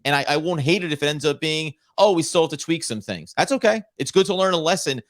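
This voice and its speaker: A man co-hosting a basketball podcast, talking in long, energetic run-on points in casual chat. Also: a little high, fast talker, dry recording, clean studio sound. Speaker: podcast co-host. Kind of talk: casual sports podcast talk.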